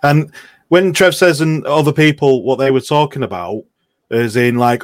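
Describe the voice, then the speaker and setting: A man's voice: mid-range voice, moderate pace, no echo. A man in a casual chat, indignant and emphatic. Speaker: podcast panelist.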